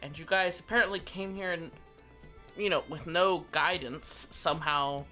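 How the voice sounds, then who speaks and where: A woman's voice: low voice, normal speed, sharp tone, soft background music. A woman narrating as game master of a tabletop game, casual and hesitant, with lots of fillers.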